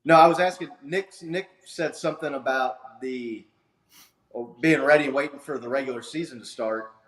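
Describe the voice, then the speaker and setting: Male podcast host on a video call, casual and rambling, mid-pitched, echoey room. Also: normal speed, fairly bright tone. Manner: rambling, many fillers and restarts. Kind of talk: casual sports chat.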